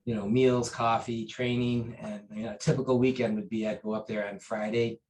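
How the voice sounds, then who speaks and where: A lower-voiced man tells a long personal story in an interview, speaking earnestly and haltingly. He often stops and restarts with fillers, and a faint hiss sits behind him. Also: level tone, darkish tone, rough recording. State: briefly choked up. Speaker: interview guest, taekwondo master. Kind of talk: conversational storytelling.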